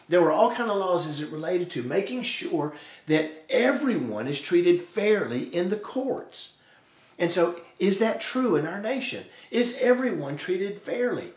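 A male pastor preaching a sermon, acting out quoted voices along the way. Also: high-pitched. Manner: preaching, voices God and the sarcastic people in quoted asides. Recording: roomy echo.

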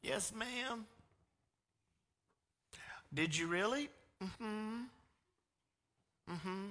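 A man voicing a stubborn ten-year-old boy who insists on a fib, in high, shouted denials. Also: expressive, extremely slow, heavily acted. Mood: coy. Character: fibbing little boy, about ten, stubborn.

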